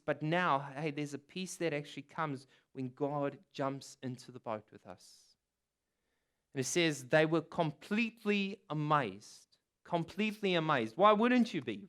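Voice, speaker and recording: Earnest male preacher with a clear voice. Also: fairly high pitch, measured pace, a bit bright. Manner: earnest, repetitive preaching with emphatic quotes. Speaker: pastor. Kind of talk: sermon.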